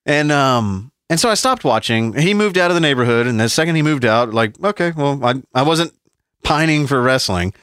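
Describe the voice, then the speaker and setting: A man's voice: medium pitch, moderate pace, clean tone, dry recording, studio quality. A man in his forties, a podcast co-host, telling stories in casual, profane chat with frequent laughs. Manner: profane, animated storytelling with laughs.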